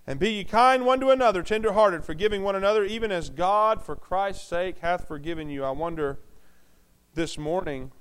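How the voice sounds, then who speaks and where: A middle-aged male pastor preaching a sermon, moving between loud emphatic bursts and quiet, hushed intensity. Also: sits high, moderate pace, clear, resonant tone.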